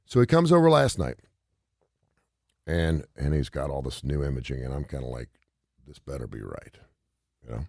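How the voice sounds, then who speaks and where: A man's voice: extremely low pitch, big pitch swings, moderate pace, vocal fry, pauses often, darkish tone, dry recording, clean studio sound. A middle-aged man hosting a radio talk show, telling a story in an emphatic, rambling, repetitive way.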